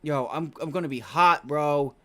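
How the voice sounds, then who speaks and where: A fairly high-voiced man calls out price levels on a live trading stream, swearing often and repeating short phrases under his breath. He swings between muttering to himself and loud exasperated outbursts. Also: moderate pace. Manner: profane, exasperated venting at the chart. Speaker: live-streaming day trader.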